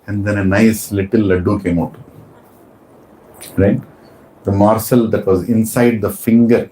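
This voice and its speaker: Animated preacher. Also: male voice, lowish voice, measured pace, pauses often, slight background noise. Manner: animated, asks the audience questions. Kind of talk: storytelling sermon. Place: temple hall. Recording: roomy hall with faint ambience.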